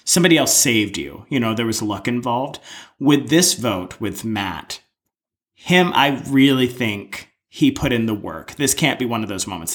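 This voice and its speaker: A man co-hosting a podcast, chatting casually and emphatically about a show episode, swearing now and then. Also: medium pitch. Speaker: podcast co-host. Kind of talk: casual recap chat.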